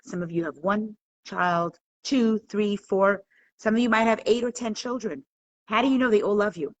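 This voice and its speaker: A woman's voice: medium pitch, normal speed, low-quality recording. A woman teaching a live online class, earnestly asking questions and inviting viewers to answer. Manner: earnest, questioning, engages the audience. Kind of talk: live-streamed talk to viewers.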